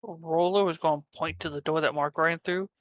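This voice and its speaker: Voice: mid-range voice, fairly even intonation, normal speed, fairly bright tone, muffled recording. A player in a tabletop game, stating their character's actions plainly and matter-of-factly. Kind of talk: casual tabletop game talk.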